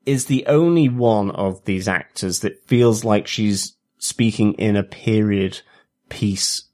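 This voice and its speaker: A man's voice: on the low side, slow, darkish tone. A man co-hosting a TV review podcast, talking casually and hesitantly, with many fillers and restarts. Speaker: podcast co-host.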